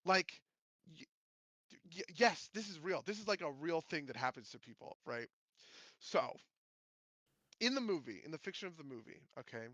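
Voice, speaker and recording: A man hosting a podcast, chatting casually about movies in a rambling, animated way with many restarts. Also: high voice, dry recording, dull audio. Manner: rambling, animated, self-interrupting. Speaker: podcast host.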